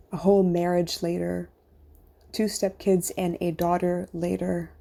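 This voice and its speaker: A middle-aged woman hosts her own podcast as a coach, speaking in an earnest, confessional monologue. Her voice is husky and mellow, and now and then it sinks to a whisper. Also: lowish voice. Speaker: life coach and podcast host.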